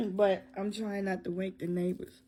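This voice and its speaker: A woman's voice: mid-range voice, expressive, takes it slowly, darkish tone, slightly rough. A woman giving a loose, joking tarot reading, freestyling and cursing as she goes. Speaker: tarot reader.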